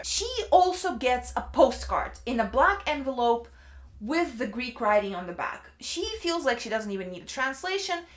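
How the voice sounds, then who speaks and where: A woman's voice: a little high, reverberant. A woman giving a casual, ranting book review, chatty and exasperated, leaning on "like" a lot. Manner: exasperated, chatty, fills speech with "like".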